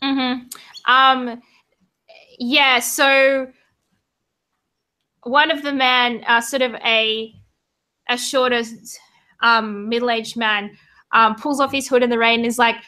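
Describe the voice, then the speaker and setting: Woman running a tabletop game, slow and bright, lots of ums. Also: on the high side, fairly even intonation, clear, resonant tone. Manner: hesitant, many fillers. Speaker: game master.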